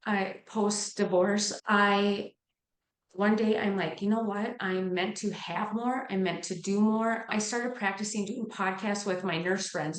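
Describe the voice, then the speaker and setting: A middle-aged woman, a nurse, telling her personal story in an interview with earnest, heartfelt feeling. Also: mid-range voice. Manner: earnest, heartfelt, gets emotional. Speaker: nurse and life coach, podcast guest. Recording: echoey room.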